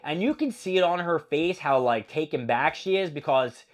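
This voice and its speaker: A man's voice: a little high, moderate pace. Profane man recapping wrestling. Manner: profane, animated storytelling. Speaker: host.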